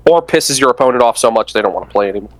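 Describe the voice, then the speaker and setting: A man's voice: mid-range voice, lively intonation, rapid-fire, no room sound. A man co-hosting a podcast, chatting casually about card games with wry, joking asides. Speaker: podcast co-host.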